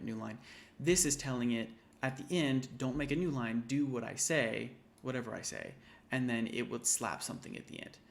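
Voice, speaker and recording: A man tutoring an intro programming class, casually thinking aloud and correcting himself as he types through a coding walkthrough. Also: mid-range voice. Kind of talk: screen-recorded coding walkthrough. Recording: typing and keyboard clicks behind.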